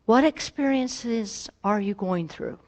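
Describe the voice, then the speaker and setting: A woman pastor preaching slowly and gently, her voice sitting a little high. She tells stories in a reflective, unhurried way, and a long hall reverb trails behind her. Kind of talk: sermon. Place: church sanctuary.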